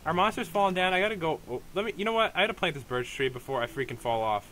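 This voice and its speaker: A young man commenting on his game in a bright, slightly raised voice, rambling and restarting his sentences with plenty of ums. Faint background noise sits under the recording. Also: fairly high pitch, rapid-fire. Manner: rambling, hesitant, many fillers and restarts. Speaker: let's play host. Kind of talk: casual gameplay commentary.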